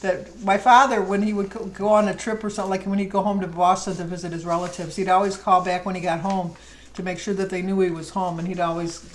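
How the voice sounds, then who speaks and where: A woman's voice: fairly low pitch, level tone, fast talker, slight background noise, rough recording. A middle-aged woman vlogger chatting casually and rambling fondly through a list of questions. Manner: chatty, rambling, fond storytelling. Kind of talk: casual chat.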